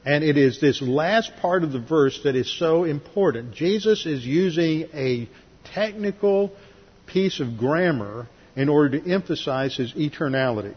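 A man's voice: a little high, expressive, unhurried, husky. A man teaching a Bible class in a methodical way, walking through verses with dry asides, in a church sanctuary. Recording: lo-fi recording, long hall reverb.

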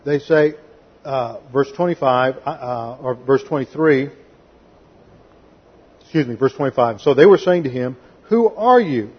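This is an expository Bible-teaching sermon by a pastor who reads scripture aloud and methodically explains Greek grammar, sometimes voicing quotes sarcastically. His medium-pitched voice has a breathy edge; he talks a little slowly and pauses often, and the recording's highs are cut off.

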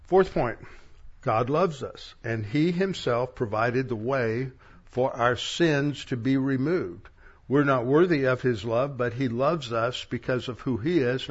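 A man's voice: medium pitch, dull audio. Man preaching, stressing scripture words. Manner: reads verses aloud, stressing key words, with asides. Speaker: pastor. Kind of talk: sermon teaching from scripture.

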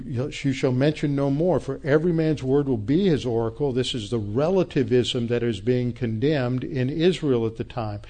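A man's voice: mid-range voice, a little mellow. A male pastor delivers a Bible-teaching sermon. He speaks in an emphatic, direct way, leaning hard on key phrases as he presses his point. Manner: emphatic Bible teaching with frequent restarts and quoted voices.

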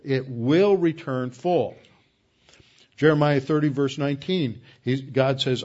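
A man giving a Bible lesson, explaining scripture in a deliberate way, with frequent ums and restarts. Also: medium pitch, highs cut off. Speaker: Bible teacher. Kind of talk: Bible teaching.

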